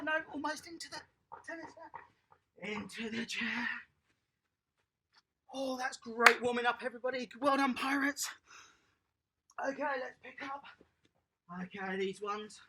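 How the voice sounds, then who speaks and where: Children's tennis coach, encouraging, husky, gravelly. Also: high-pitched, pushed and bright. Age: adult. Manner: upbeat and encouraging, praising children by name. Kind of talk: online kids' tennis class, talking to children at home.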